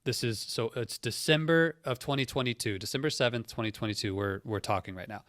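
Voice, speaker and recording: A man's voice: medium pitch, fairly quick, fairly bright tone, dry recording. Earnest male podcast host, dry sound. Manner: earnest and reflective, explains points step by step. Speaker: podcast host, career coach. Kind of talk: conversational coaching talk.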